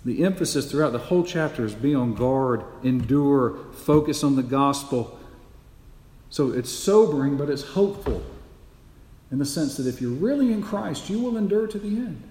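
A man's voice: medium pitch, lively intonation, normal speed, darkish tone. Emphatic preacher, man, echoing hall. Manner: emphatic, repeats key phrases, asks rhetorical questions. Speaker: pastor. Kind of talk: sermon. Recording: echoey hall with long reverb.

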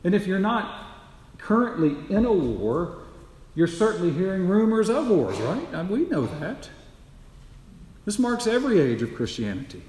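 A man's voice: high voice, very animated, moderate pace, a little mellow, slight background noise. A man preaching a sermon as pastor, emphatic, repeating key phrases and asking the congregation rhetorical questions. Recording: echoey hall with long reverb.

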